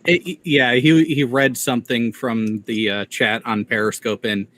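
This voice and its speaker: A man's voice: mid-range voice, steady tone, moderate pace, fairly bright tone, a little hiss or hum. A man from the Midwest hosting a casual commentary chat, explaining things in a wry, playfully mocking way. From Midwest United States. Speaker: commentary show host.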